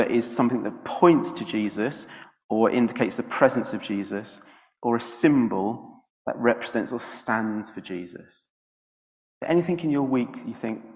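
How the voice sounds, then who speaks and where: A man delivers a relaxed, conversational sermon, stumbling and restarting as he talks. His voice has a gravelly edge and sits at an ordinary pitch. The sound carries the long reverb of a church hall. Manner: chatty, halting, many fillers and restarts. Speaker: preacher. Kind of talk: informal sermon with a personal story.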